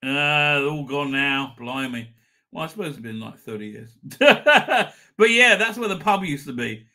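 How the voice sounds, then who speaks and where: Middle-aged male host, casual rambling stream chat, slightly high, sharp bright tone. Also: lively intonation, a little slow. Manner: rambling, swears, chuckles often. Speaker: livestream host. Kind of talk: casual live chat reading comments.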